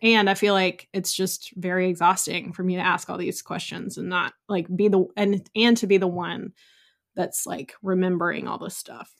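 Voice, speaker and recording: A woman's voice: on the low side, level tone, moderate pace, creaky. A young woman talking casually as a podcast guest. She tells stories at length and sprinkles in plenty of "like" and "you know". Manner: chatty, storytelling, many likes and you knows. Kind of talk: casual chat.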